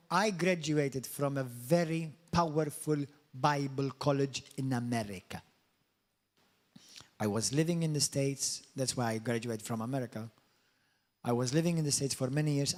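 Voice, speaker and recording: A middle-aged male pastor from Malta, preaching a lively sermon in a church and often questioning his congregation or slipping into mocking high voices. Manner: animated, swings into high mock voices and asks the congregation questions. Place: church hall.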